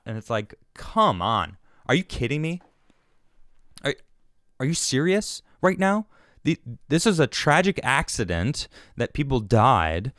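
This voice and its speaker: A man's voice: mid-range voice, fairly bright tone, dry recording, studio quality. A man hosting his own show, giving an indignant, rambling political monologue full of restarts. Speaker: show host.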